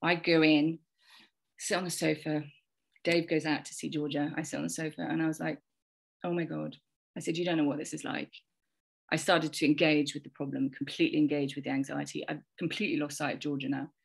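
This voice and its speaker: A woman's voice: low-pitched, flat delivery, quick pace, creaky, slightly rough. A woman in her forties telling a rambling, heartfelt parenting story in a casual conversation, often repeating words and quoting herself and others. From England. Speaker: podcast guest sharing a parenting story.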